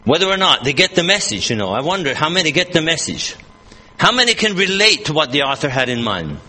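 A man's voice: a little high, very animated, brisk, sharp tone, big-room sound. A man preaching a sermon at an evening church service, earnest and emphatic, repeating and rephrasing his points as he reads scripture aloud.

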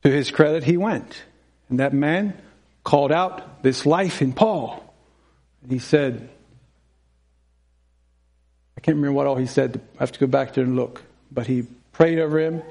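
A man's voice: medium pitch, moderate pace, vocal fry, long pauses, a little mellow. A man preaching a sermon in a conversational way, often chuckling and asking his congregation questions. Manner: conversational, acts out dialogue, asks congregation questions.

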